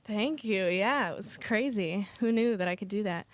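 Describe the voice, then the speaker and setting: A woman's voice: medium pitch, moderate pace, no echo. A woman in her late teens, a young songwriter being interviewed in a TV studio, talking in a bubbly, casual, self-deprecating way.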